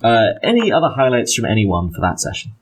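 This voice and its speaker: A man's voice: mid-range voice, huge pitch swings, fast, a little hiss or hum, poor audio. A man, the game master, chatting casually and laughing through a recap of the last session over a voice call. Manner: chatty, laughing, stammering restarts.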